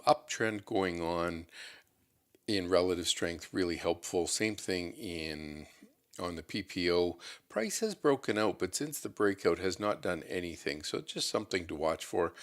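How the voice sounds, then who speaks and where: A man hosting a market show, giving relaxed, unscripted commentary on stock charts as he thinks aloud. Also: sits low. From Canada. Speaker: market analyst host.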